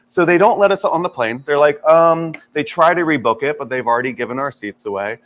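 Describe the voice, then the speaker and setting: A man co-hosting a morning talk show, telling a story with lively acted-out quotes. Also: on the high side, a little fast. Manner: animated storytelling, acting out quotes. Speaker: radio co-host. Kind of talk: casual chat.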